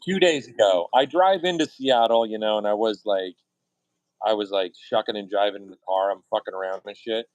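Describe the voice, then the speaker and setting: A man streaming his art while telling casual, profane stories, often jumping into high mock voices and bits of song. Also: fairly quick, no echo, poor audio. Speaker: artist streaming his work. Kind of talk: casual storytelling chat.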